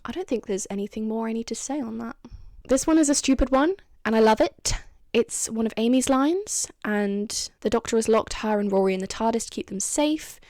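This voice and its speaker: A woman's voice: on the high side, brisk, darkish tone, dry recording, studio quality. A woman vlogging in a casual, chatty way, laughing often and acting out lines she quotes. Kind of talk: casual chat.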